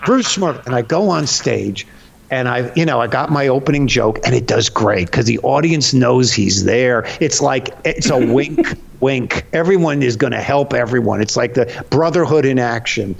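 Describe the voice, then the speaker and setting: A middle-aged man from Connecticut, a comedian guest telling a story with lively energy and frequent high laughter, talking from his home. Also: normal speed, vocal fry, muffled recording, a little hiss or hum. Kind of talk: animated comic storytelling.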